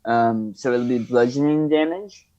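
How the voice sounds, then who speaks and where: A man playing in a tabletop game, describing his moves deliberately and hesitantly with ums. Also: medium pitch, mellow. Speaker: player. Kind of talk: casual game chat. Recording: dull lo-fi mic.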